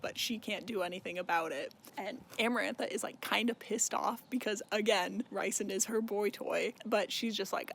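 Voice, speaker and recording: A young woman chats her way through a book recap with a rambling, sarcastic edge and plenty of swearing. Her voice sits at a middle pitch. A faint hiss runs under the recording. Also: moderate pace, gravelly, few pauses, a bit bright. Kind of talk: casual chat.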